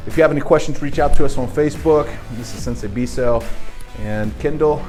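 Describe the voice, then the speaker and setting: A man, a martial arts instructor, teaching a children's self-defense class with upbeat coaching and quick praise. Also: mid-range voice, dark tone, faint music behind.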